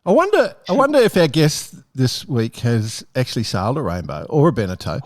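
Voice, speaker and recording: A man's voice: medium pitch, brisk, no echo. An Australian man hosting a sailing podcast, joking with his co-hosts in casual chat. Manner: joking, animated banter. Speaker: podcast host.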